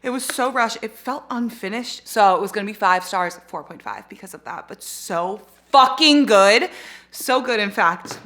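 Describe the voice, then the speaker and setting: A woman in her twenties chatting casually in a reading vlog, gushing and excitable, swearing freely. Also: medium pitch, normal speed, few pauses. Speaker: reading vlogger.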